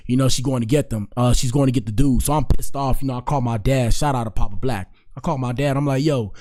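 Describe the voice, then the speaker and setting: A man's voice: medium pitch, fast talker, dark tone, a little hiss or hum. A man hosting a podcast, rambling in casual commentary with lots of "like" and "you know", then lecturing his listeners earnestly. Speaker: podcast host.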